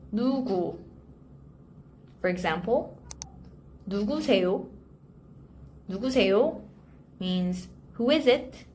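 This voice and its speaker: A woman teaching a language lesson, repeating example sentences slowly and carefully before translating them. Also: mid-range voice. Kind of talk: slow, clear language lesson. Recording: faint background noise.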